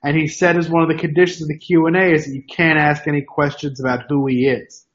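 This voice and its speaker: A man's voice: fairly high pitch, flat delivery, quick pace, muffled recording. A man from New York with no regional accent, co-hosting a podcast in casual, rambling chat full of tangents. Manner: rambling, self-interrupting, wanders into tangents. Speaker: podcast co-host.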